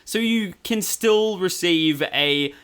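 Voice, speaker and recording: A man's voice: sits high, takes it slowly, a bit bright, smooth. A man co-hosting a podcast, talking in an earnest, encouraging casual way. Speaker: podcast co-host. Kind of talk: casual chat.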